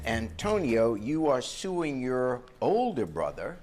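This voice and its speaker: A man's voice: mid-range voice, wildly swooping pitch, darkish tone, soft background music. An older man presiding as a television judge, blunt and wry, handing down rulings in a courtroom. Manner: blunt, joking, brisk rulings. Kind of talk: courtroom TV show. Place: TV courtroom set.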